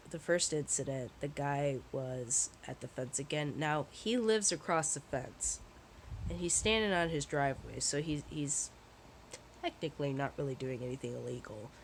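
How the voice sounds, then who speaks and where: A woman's voice: very deep voice, unhurried, slight background noise, rough recording. A woman vlogger telling a personal story in a casual, rambling way, swearing often and sounding shaken. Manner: profane, candid, rambling with restarts.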